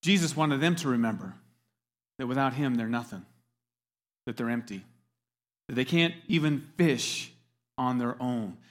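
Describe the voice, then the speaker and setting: A man's voice: medium pitch, animated, a little slow, pauses often. A man preaching a sermon as a pastor, earnest, repeating words as he stresses his points. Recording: long hall reverb.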